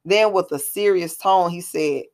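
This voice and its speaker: Low-voiced woman narrating a story. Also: measured pace, a little mellow.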